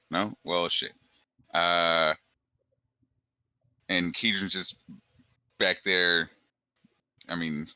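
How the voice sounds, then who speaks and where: A man's voice: low voice, dry recording. A man playing a tabletop game, joking and chatting in character. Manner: animated and joking. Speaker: player. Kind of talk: casual tabletop banter and in-character talk.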